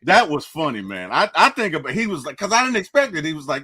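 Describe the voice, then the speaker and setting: Animated, bright-voiced man chatting sports. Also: fairly quick, few pauses, slightly rough, dry recording. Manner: animated, bursts into high-pitched laughter. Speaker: sports podcast co-host. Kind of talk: casual sports chat.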